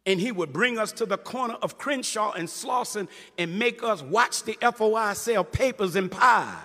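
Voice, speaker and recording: A man's voice: high voice, normal speed, pushed and bright, in a large hall. A man, a Muslim minister, preaching to a live audience in an emphatic way and calling out to the crowd.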